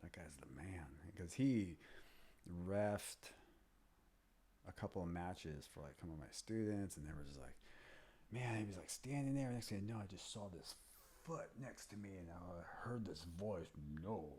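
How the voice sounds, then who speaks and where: A man's voice: low voice, animated, normal speed, mellow, breathy edge. A man in his fifties telling rambling stories as an interview guest, often dropping to a near-whisper when he quotes people. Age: 50s. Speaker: guest, MMA fighter and trainer. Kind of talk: casual interview storytelling.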